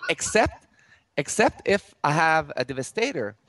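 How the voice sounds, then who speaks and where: Man explaining, halting restarts. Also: on the high side, sing-song, fairly bright tone, slight background noise. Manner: many restarts and fillers, gestures while explaining. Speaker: game studio head. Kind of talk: interview, explaining game mechanics.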